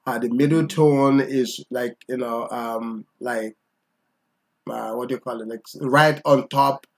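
A man's voice: medium pitch, steady tone, unhurried. Patient man teaching tones, often asking okay?. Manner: patient, repeats "okay?" to check understanding. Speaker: language teacher. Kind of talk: conversational language lesson.

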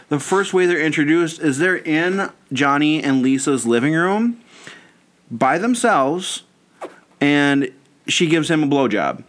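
A man co-hosting a podcast, telling a long story in a casual, animated way and often breaking into laughter. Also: medium pitch. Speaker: podcast co-host. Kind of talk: casual chat.

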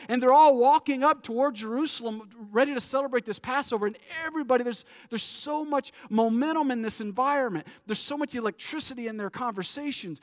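A man preaching a sermon as pastor, animated, acting out the crowd's voices and dropping low at the ends of phrases. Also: fast, hardly any pauses, in a large hall.

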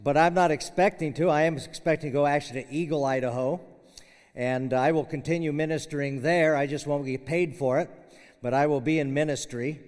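An older man, a retiring professor, gives a conversational farewell sermon in a university chapel hall, with frequent fillers and restarts. His voice is fairly high, steady, fairly quick, and darkish, wrapped in long hall reverb.

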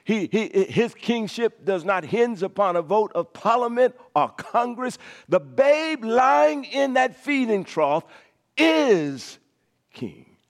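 A male pastor preaching a sermon, repeating phrases for emphasis and moving from loud declarations to hushed whispers. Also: sits high, expressive, unhurried.

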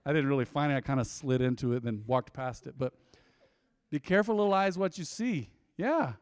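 A man preaching a sermon, swinging between loud swells and quiet, intimate drops. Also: mid-range voice, brisk, clean tone, no echo. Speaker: pastor. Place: church.

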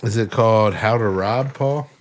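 Lowish male voice, deadpan, blunt, everyday chat. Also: moderate pace. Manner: dry, deadpan, blunt complaining. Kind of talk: casual chat.

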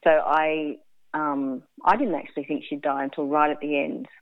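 A woman telling a hard personal story in an interview, frank and blunt, halting with fillers and restarts. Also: low voice, steady tone, no room sound. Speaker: interview guest. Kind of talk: candid emotional storytelling. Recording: phone-like dry line.

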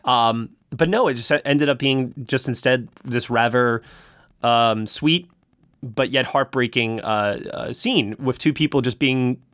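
A man hosts a relaxed film review conversation in a mid-range voice. He stumbles over his words, repeating and restarting as he thinks aloud. The sound is dry and close, with no room around it. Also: mid-range voice, no echo. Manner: halting, many restarts and stammered repeats. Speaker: film review podcast host. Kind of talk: casual film review chat.

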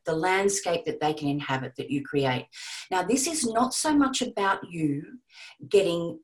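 Woman, lowish voice, animated and chatty, audiobook narration tips. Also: rough recording. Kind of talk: casual teaching talk to a group.

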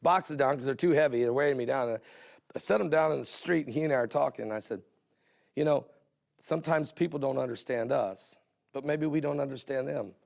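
A man's voice: medium pitch, a little fast, gravelly, a little mellow. A middle-aged man hosting a Christian television broadcast, telling folksy stories in a sermon style and repeating phrases for emphasis.

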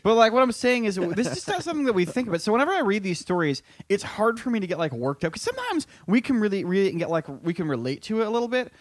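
A man's voice: high-pitched, very animated, rapid-fire, hardly any pauses, no room sound, clean studio sound. A young man, co-hosting a casual comedic chat, profane and laughing often. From Connecticut, USA. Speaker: podcast co-host.

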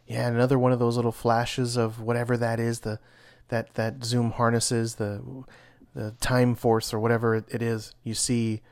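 A man with a mid-pitched voice chats casually about comics on a podcast. He reacts with enthusiasm and open shock to the story beats, often stopping to ask his co-host questions. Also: completely flat delivery, moderate pace, darkish tone. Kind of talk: casual chat.

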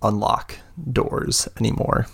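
A man narrating as game master of a tabletop game, hesitant, with many fillers and restarts. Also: takes it slowly.

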